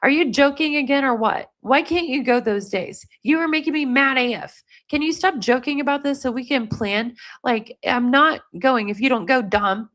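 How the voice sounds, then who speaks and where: A woman reading aloud the angry texts of an upset young woman to her boyfriend, in a rapid, exasperated way. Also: high-pitched, fairly bright tone.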